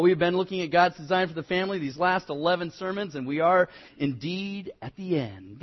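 A man's voice: a little high, breathy edge, dull audio. A male pastor preaching a conversational sermon in a church, folksy and joking with the congregation, with fillers and repeats.

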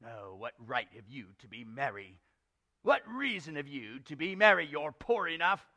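A man's voice: mid-range voice, very animated, moderate pace, bright, forceful tone, full character voice. A man voicing a grumpy, miserly old man who talks with scorn and indignation. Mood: scornful.

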